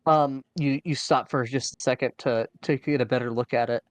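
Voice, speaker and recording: A man's voice: mid-range voice, steady tone, normal speed, no room sound. A man running a tabletop game as dungeon master, narrating with many fillers and restarts.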